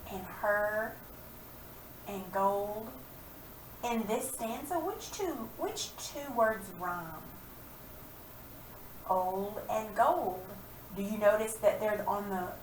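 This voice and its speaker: A woman's medium-pitched voice comes from off-mic in a reverberant room, with a little hum or hiss. Teaching children to read, she stretches each sound slowly and patiently.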